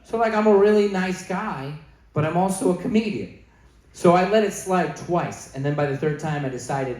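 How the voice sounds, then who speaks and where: At a comedy venue with an audience, a Canadian-accented man with a high, slightly mellow voice performs stand-up at normal speed. He tells a long story and acts out text messages in different voices, and the room sounds echoey.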